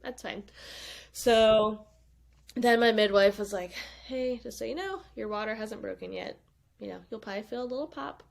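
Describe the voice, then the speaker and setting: An animated woman tells a personal story as a podcast guest. She acts out what she said back then, and her voice jumps higher on those lines. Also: gravelly. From United States. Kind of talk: casual storytelling.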